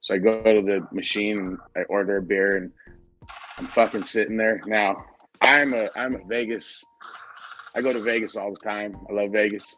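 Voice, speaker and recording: A man's voice: lowish voice, fairly bright tone. A man telling a rambling, profane story in casual podcast chat, acting out the lines of his friends. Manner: profane, rambling anecdote with quoted dialogue. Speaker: podcast host.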